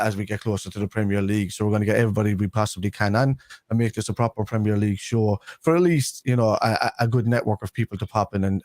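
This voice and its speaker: A man's voice: medium pitch, no room sound, studio quality. A man hosting a casual football livestream chat, chatty and friendly with his guests. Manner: chatty, calls everyone lad. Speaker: host.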